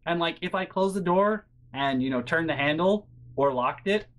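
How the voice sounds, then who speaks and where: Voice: medium pitch, animated, normal speed. A vlogger telling a casual story from their bedroom, rambling with many fillers, swearing freely, and sounding exasperated and incredulous. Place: bedroom at home.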